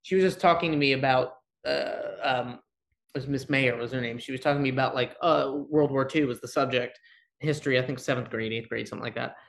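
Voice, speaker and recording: A man's voice: mid-range voice, fast talker, gravelly, fairly bright tone. Guy in his 30s, rambly and blunt, chatty interview guest. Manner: rambling, self-deprecating, blunt. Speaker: actor guest. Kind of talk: casual interview talk.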